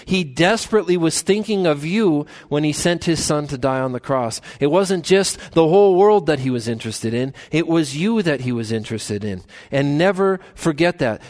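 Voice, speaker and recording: A man pastor preaching a sermon in a church, earnest, climbing to emphatic peaks and slowing down on key phrases. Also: fairly high pitch, darkish tone.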